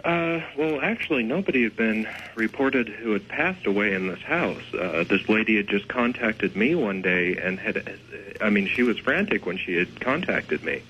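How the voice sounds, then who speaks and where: A man's voice: lowish voice, lively intonation, normal speed, hardly any pauses, pushed and bright, muffled recording, slight background noise. A man, a ghost investigator, explaining things in a radio interview, loose and full of fillers.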